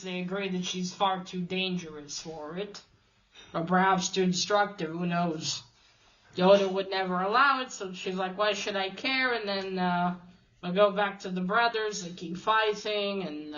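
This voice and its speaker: A woman's voice: mid-range voice, dull audio, a little hiss or hum. A woman casually recapping a comic issue, quoting the characters loosely with lots of "uh" and "he's like". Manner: retells scenes, quoting characters in a flat loose way, many "uh"s and "he's like". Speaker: comic reviewer.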